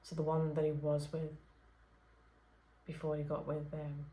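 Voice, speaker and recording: A woman's voice: sits low, completely flat delivery, measured pace, roomy sound, a little hiss or hum. A woman speaking as a spirit medium in an unscripted late-night session, hesitant, with many fillers and restarts. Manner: talks softly at late night hours. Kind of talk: unscripted channelling session talk.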